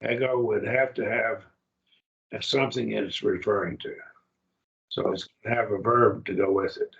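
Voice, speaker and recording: A man's voice: on the low side, steady tone, normal speed, gravelly, a bit bright, highs cut off. A man teaching a Greek grammar class, explaining patiently and often checking that students follow.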